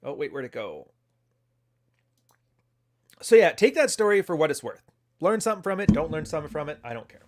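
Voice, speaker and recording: A man's voice: fairly high pitch, brisk, pauses often. Blunt, profane man telling stories. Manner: blunt, profane, animated storyteller. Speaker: commentary host. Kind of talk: casual livestream storytelling.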